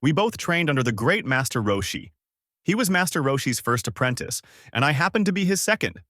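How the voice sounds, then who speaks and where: A man's voice: fairly high pitch, big pitch swings, fairly quick, a bit bright, dry recording, studio quality, pitched above the performer's own voice. A man reading as a big hearty king. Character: huge burly kindly male king.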